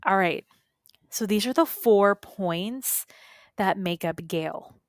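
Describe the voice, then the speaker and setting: A woman's voice: mid-range voice, slow pace, dry recording, clean studio sound. A woman coach and podcast host teaching in a casual, earnest and emphatic way, with frequent asides to her listeners. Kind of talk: solo podcast teaching talk.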